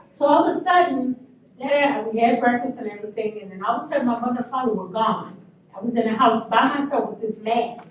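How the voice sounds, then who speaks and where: Older woman, high voice, animated storytelling, very echoey room, far from the mic. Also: fast, slight background noise. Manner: animated, emphatic, laughing asides. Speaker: panel guest. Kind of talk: anecdotal storytelling. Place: hotel luncheon room.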